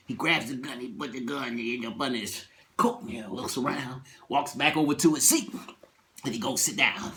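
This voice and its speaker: A man casually retelling a TV episode, animated, acting out scenes and laughing. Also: mid-range voice, brisk.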